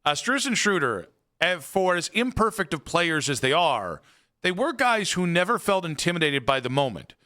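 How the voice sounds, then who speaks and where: Bright, forceful sports radio man. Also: on the high side, very animated, moderate pace. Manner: rambling, filler-heavy, opinionated. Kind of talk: casual sports talk. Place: radio studio.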